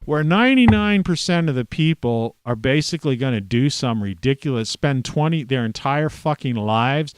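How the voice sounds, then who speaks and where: A middle-aged man rants in a loose, rambling monologue, swearing freely and breaking off mid-sentence to restart. His voice sits at an ordinary pitch, close to the mic in a dry room with no echo. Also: expressive, moderate pace, hardly any pauses, clear, resonant tone. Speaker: video blogger. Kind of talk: profane ranting monologue.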